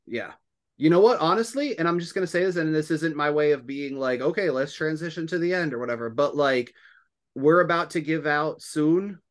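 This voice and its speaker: A man's voice: on the high side, normal speed. A man hosting a podcast in casual chat, rambling and laughing often. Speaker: podcast host.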